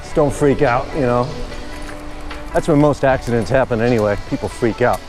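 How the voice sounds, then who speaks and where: A man's voice: medium pitch, moderate pace, darkish tone, soft background music. A man chatting casually and rambling good-humoredly while riding his bike outdoors. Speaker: vlogger. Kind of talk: casual narration while cycling.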